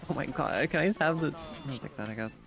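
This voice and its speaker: Music plays under this casual streamer as he games and talks to chat at a quick clip. His mid-pitched voice has a steady gravelly fry, and he stays chatty, sarcastic and easily exasperated, responding to both the gameplay and his viewers.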